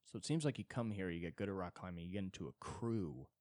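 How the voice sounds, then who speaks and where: Man, solo podcast host, low-ish voice with wild swings in pitch, crude and self-mocking, dry close sound. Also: quick pace, no echo. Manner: crude, profane, self-deprecating storytelling; animated, jumps between high and low tones. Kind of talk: rambling comedic monologue. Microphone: podcast mic.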